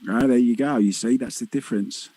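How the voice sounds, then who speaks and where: A man's voice: medium pitch, a little fast, dark tone, slightly rough, no room sound, rough recording. A man commentating on a pool match, chatty and teasing, laughing easily with his co-host. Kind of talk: live sports commentary.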